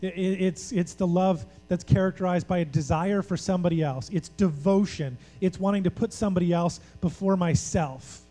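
High-voiced man preaching in a reverberant hall. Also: normal speed, few pauses, dark tone, soft background music. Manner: earnest, repetitive emphasis, acts out quoted voices. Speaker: pastor. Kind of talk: sermon.

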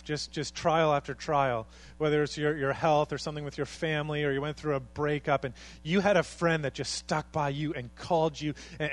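Brief: male pastor delivering a sermon, earnest, somewhat higher-pitched voice, swells to emphatic peaks. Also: poor audio. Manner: earnest, building to emphatic peaks, acts out quoted speech.

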